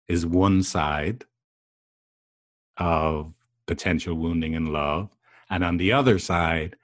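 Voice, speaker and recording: A man's voice: deep voice, slow, pauses often, no room sound, studio quality. A man talking as a couples therapist, explaining in a conversational way and often checking in with the listener. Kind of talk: explanatory talk to camera.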